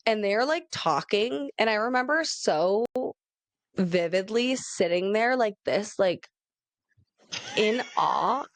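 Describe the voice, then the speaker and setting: A young woman co-hosting a podcast, telling a story in an animated, rambling way, full of "like". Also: mid-range voice, takes it slowly, no room sound. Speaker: podcast co-host. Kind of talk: casual chat.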